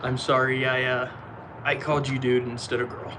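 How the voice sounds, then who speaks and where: An easygoing man chats through a live stream, answering viewer comments and apologizing with a laugh. His voice sits at an ordinary middle pitch. Clear background noise runs under it. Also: little pitch movement, normal speed. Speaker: livestream host. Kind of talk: casual live-stream chat reading comments.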